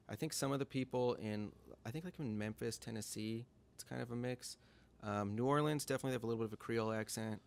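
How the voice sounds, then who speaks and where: A man's voice: medium pitch, creaky. A man chatting easily as a podcast guest, telling travel stories and laughing often. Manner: easygoing storyteller, laughs often. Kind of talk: casual chat.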